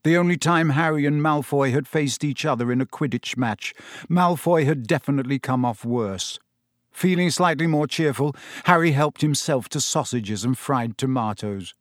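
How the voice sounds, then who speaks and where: A man narrating an audiobook chapter in a lively, expressive way. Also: medium pitch, normal speed, no room sound, clean studio sound.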